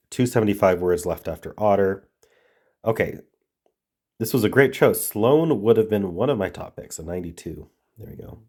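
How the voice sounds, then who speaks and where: Congested man with a low voice, thinking aloud. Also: a little mellow, breathy edge. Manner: muttering, trailing off, reading words aloud. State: congested from a cold. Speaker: puzzle-solving video host. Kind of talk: thinking aloud while solving word puzzles.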